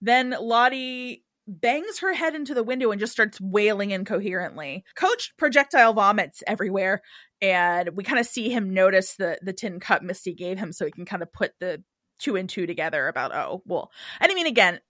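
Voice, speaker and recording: A woman's voice: normal speed, no room sound, studio quality. A woman hosting a podcast, recapping a TV episode in casual chat and acting out quoted lines. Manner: animated, acts out quoted lines in higher voices. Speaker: podcast host recapping a TV show.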